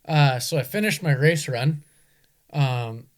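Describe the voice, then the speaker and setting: A man's voice: a little high, takes it slowly. A young man, a guest telling stories in a laid-back way, often saying "like". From Canada. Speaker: guest, enduro racer. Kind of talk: casual chat.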